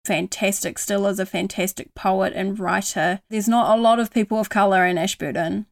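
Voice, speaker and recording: A woman's voice: mid-range voice, fairly even intonation, moderate pace, gravelly. A young woman with a New Zealand accent, talking earnestly in a casual conversation. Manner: earnest, softens her voice when voicing kind self-talk. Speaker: guest.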